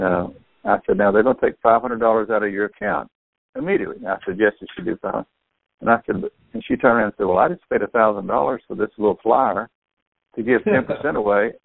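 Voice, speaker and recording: Excitable older man on a phone line. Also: lowish voice, gravelly, no echo. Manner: excitable storyteller, acts out quotes. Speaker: store owner and sales partner. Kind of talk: phone conversation.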